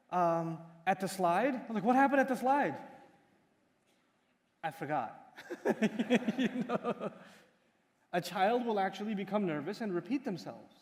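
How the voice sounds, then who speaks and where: A man giving a religious lecture, telling the story with animated, acted-out dialogue. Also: very high voice, big-room sound. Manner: animated storytelling, acts out a child's voice. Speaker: Islamic lecturer.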